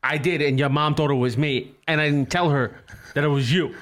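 A man's voice: a little high, steady tone, brisk, fairly bright tone. A man co-hosting a podcast in casual chat, laughing and poking fun at himself as the fall guy, swearing a lot. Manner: laughing, self-mocking, profane. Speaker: podcast co-host.

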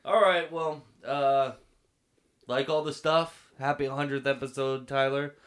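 A hoarse man hosting a casual podcast, teasing and joking with loud bursts. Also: medium pitch, flat delivery, a little slow. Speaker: podcast host.

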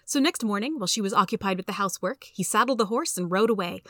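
Woman host, story reader, steady and clear, mid-pitched. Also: fast, no echo, clean studio sound. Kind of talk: reading a story aloud.

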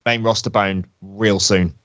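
A man co-hosting a wrestling chat show, enthusiastic and jokey in a relaxed conversational way. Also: fairly low pitch, a little slow. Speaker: wrestling podcast co-host. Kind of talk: casual chat.

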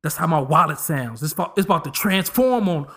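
A man's voice: a little high, a little fast. A man in his thirties hosting a podcast, giving a comedic casual monologue and slipping into voices as he jokes. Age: 30s. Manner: animated, joking, slips into voices. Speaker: podcast host.

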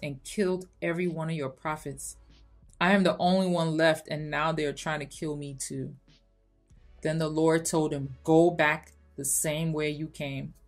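A woman's voice: sits low, a bit bright. Emphatic woman reading scripture aloud. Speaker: podcast host. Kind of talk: Christian motivational podcast.

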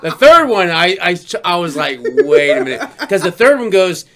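A man co-hosting a casual podcast, telling stories in a profane, animated way, acting out both sides of his phone calls and laughing as he talks. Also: sits high, normal speed, a crowd in the background. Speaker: podcast co-host. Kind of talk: casual chat.

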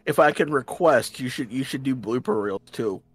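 A man's voice: medium pitch, moderate pace, a crowd in the background. A man with a slight Southern US accent, chatting casually on a stream and rambling, with restarts and casual swearing. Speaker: stream guest. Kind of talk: casual chat.

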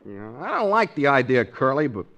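A man's voice: mid-range voice, big pitch swings, a little fast, fairly bright tone, dull audio. A man playing a reluctant, put-upon buddy in a 1940s radio comedy, whiny and grumbling.

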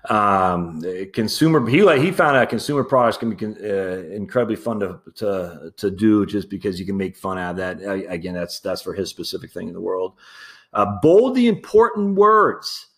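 A man with a fairly low voice hosts his own podcast in a loose, off-the-cuff way. He rambles candidly, stumbles over restarts and fillers, and slips in an easy chuckle as he speaks to his listeners as friends. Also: fairly quick, few pauses. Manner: laughs easily while talking. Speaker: podcast host. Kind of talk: casual solo commentary.

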